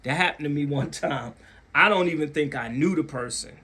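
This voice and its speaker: A man's voice: a little fast, sharp tone. A man hosting his own channel, telling a story casually to camera, repeating phrases for emphasis and acting out other people's voices. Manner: acts out other people's voices with big pitch jumps.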